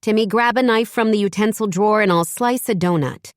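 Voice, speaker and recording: A woman's voice: medium pitch, brisk, dry recording, studio quality, voice pushed up, close to an everyday voice. A woman voicing a firm, scolding single mother. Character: single mother, sharp-tongued, protective.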